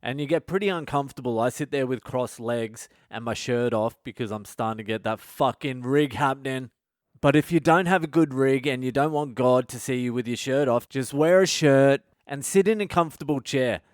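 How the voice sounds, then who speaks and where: A man's voice: medium pitch, moderate pace, no echo, clean studio sound. Swearing, self-mocking male comedian. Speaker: comedian podcast host. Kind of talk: casual comedic monologue.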